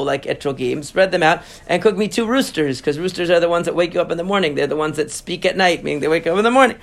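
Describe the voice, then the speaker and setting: This high-pitched man teaches Talmud informally, voicing Aramaic text and then stumbling through translation and commentary with frequent fillers and false starts.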